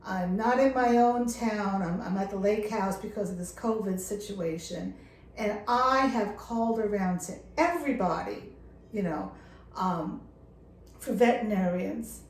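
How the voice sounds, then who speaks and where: A woman's voice: medium pitch, a little mellow, reverberant, slight background noise. A middle-aged woman talking to camera in an earnest, impassioned way, leaning hard on key words. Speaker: dog care vlogger. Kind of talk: casual talk to camera. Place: lake house, indoors.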